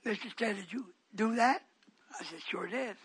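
Bright, husky preacher man telling a story. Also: high-pitched, moderate pace. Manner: swings from quiet asides to shouted outbursts. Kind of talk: storytelling sermon.

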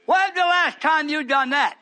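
A man preaching a fiery sermon, scolding his listeners, shouting at times and dropping to hushed tones at others. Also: very high voice, measured pace.

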